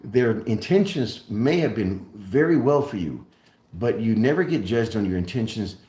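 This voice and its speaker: A man hosting a live stream, speaking emphatically and deliberately, repeating key points like a lecturer. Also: fairly low pitch, animated, warm tone, echoey room. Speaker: host. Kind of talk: live-stream monologue on precious metals.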